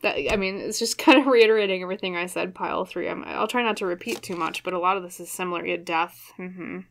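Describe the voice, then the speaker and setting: A woman's voice: on the low side, quick pace, creaky, fairly bright tone, a little hiss or hum. A young woman giving a tarot reading to camera, choked up and hesitant, with many fillers and restarts. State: choked up, emotional. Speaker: tarot reader.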